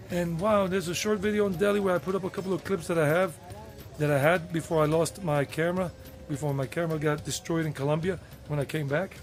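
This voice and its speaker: A middle-aged man with a Southern US accent chats casually as a travel vlogger. His voice sits a little high. He rambles and wanders off topic, correcting himself as he goes, with faint music underneath. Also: a little mellow. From United States. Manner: rambling and digressive, with self-corrections.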